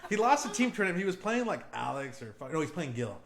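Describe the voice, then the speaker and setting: A man's voice: a little high, very animated, quick pace, creaky, a crowd in the background. A young man co-hosting a podcast, talking in a loose, profane, rambling way. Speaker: podcast co-host. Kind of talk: casual podcast chat. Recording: echoey room, faint ambience.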